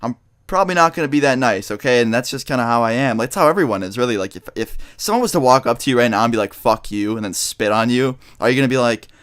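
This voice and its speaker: Young male vlogger, rapid animated storytime delivery with lots of cursing. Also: medium pitch, clear, resonant tone. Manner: fast, profane, animated storytelling. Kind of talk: storytime vlog.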